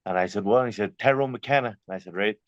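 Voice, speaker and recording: A young boxer in a casual interview, chatty, telling stories with many fillers and restarts. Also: male voice, low-pitched, steady tone, rapid-fire, no echo, dull audio.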